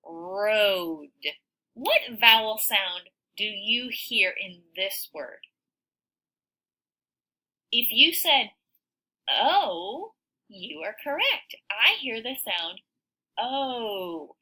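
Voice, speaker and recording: A woman teaching a phonics lesson to young children, sounding out words slowly and cheering her listeners on. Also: a little high, poor audio. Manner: slow, sounds out words, animated encouraging teacher voice.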